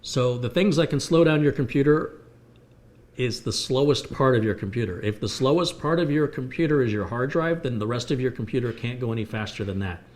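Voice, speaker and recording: A man's voice: mid-range voice, fairly quick, a little mellow. An American man hosting a live computer repair stream, explaining hardware with everyday analogies as he answers viewer questions. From United States. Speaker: computer repair livestream host.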